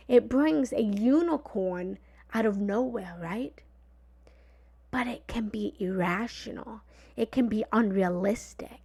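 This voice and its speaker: A woman giving a motivational talk in a lively, conversational way. She sometimes drops into a whisper for emphasis and repeats phrases playfully. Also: a little high, vocal fry. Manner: repetitive, playful analogies. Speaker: motivational speaker.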